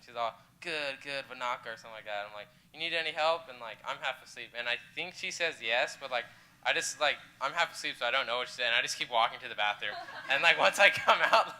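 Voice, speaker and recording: A man's voice: medium pitch, sharp tone, a little hiss or hum, rough recording. A young man casually telling a story from a mission trip, heavy with fillers. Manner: laid-back, heavy use of 'like'. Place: church youth room.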